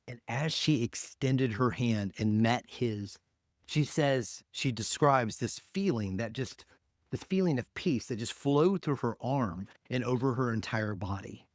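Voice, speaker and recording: A male pastor delivers a sermon in a casual, conversational manner, his voice sitting at an ordinary middle pitch. He swings from loud, emphatic peaks to hushed near-whispers. The sound is dry and close, with little room echo. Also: unhurried.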